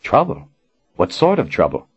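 A man's voice: on the low side, wildly swooping pitch, moderate pace, slightly rough, highs cut off, heavily acted. A man voicing an earnest, eager young man in a slightly raised voice.

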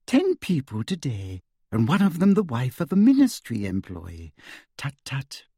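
A man's voice: medium pitch, wildly swooping pitch, measured pace, warm tone, husky, no room sound, studio quality, full character voice. A man voicing a prim, falsely sweet middle-aged woman official who speaks in a fussy, simpering way. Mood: sugary, prim.

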